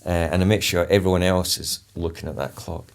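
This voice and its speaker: Deep gravelly man telling a story. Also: steady tone, fairly quick. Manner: vivid storyteller who re-enacts his own instructions. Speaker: polar explorer and charity founder, interview guest. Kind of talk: conversational storytelling interview.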